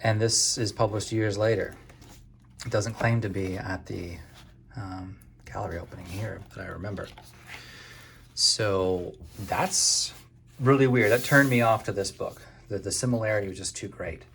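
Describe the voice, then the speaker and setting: A man's voice: lowish voice, fairly even intonation, normal speed, vocal fry, a bit bright, a little hiss or hum. A man from Maine giving a casual spoken book review in a conversational, hesitant way.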